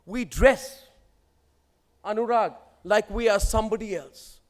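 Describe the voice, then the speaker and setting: A man's voice: high-pitched, measured pace. A man in his forties with an Indian English accent, giving an emphatic motivational speech built on rhetorical lists. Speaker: keynote speaker.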